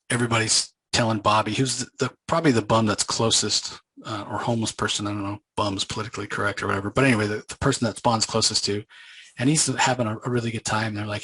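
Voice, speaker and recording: A man's voice: lowish voice, sharp tone, slightly rough, poor audio. A man hosting a comic book channel, retelling a comic in a casual, rambling, informal way. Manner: rambling and informal, many fillers and restarts.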